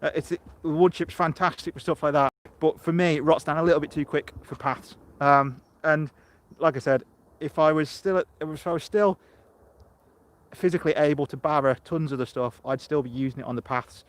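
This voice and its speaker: A middle-aged Englishman's voice, on the high side with fairly even intonation, comes at a moderate pace. He's live-streaming a rambly casual chat from his allotment, speaking to a phone camera outdoors and fielding viewers' questions.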